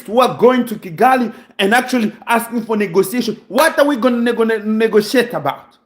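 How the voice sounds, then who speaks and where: A Congolese man giving an impassioned, preaching monologue, full of rhetorical questions and close to tears with emotion. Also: very high-pitched. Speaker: channel host.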